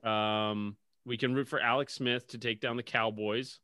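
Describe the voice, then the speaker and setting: A man's voice: medium pitch, steady tone, moderate pace, bright, forceful tone, clean tone, no room sound. A man co-hosting a casual sports podcast, swearing a lot and laughing at his own stories. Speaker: podcast co-host.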